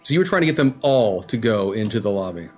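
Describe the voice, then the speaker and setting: A man's voice: lowish voice, animated, fast. Male game master, music underneath. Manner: casual, thinking aloud with fillers. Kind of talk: narrating a tabletop game.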